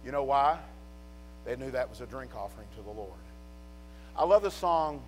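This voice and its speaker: A man preaching a chapel sermon, telling a Bible story with animated storytelling that swings from hushed to shouting. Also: mid-range voice, normal speed, pauses often, faint music behind. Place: college chapel.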